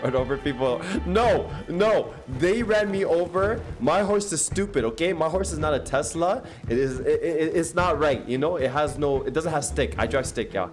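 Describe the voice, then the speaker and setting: A young man livestreaming a game, his slightly high voice swinging up and down as he rants. He sounds exasperated and slangy. Game music plays behind him. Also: expressive, moderate pace, hardly any pauses. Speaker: gaming streamer. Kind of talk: live gameplay commentary.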